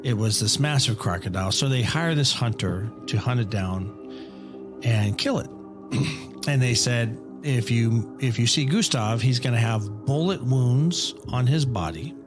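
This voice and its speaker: This father on a family podcast speaks a little slowly at medium pitch while music plays underneath. The middle-aged man rambles through casual stories with animated energy and lots of profanity.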